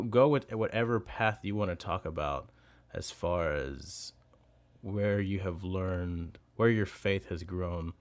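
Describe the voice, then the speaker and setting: A male host asking a guest about faith in an affirming, measured way. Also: low voice, a little mellow. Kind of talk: interview questions.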